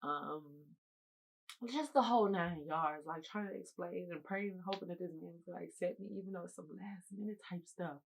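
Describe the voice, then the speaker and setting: A woman in her twenties telling viewers a college story in an animated, emphatic, slangy storytime monologue. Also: lowish voice, normal speed, gravelly, slight background noise, rough recording.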